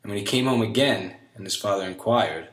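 A man reading an old fairy tale aloud in a measured storybook style. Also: on the low side. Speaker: narrator. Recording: echoey room.

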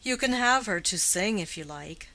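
Woman reading as a sneering upper-class husband, slow imperious drawl, low cold tone, bright clear timbre, audiobook. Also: lively intonation, rough recording.

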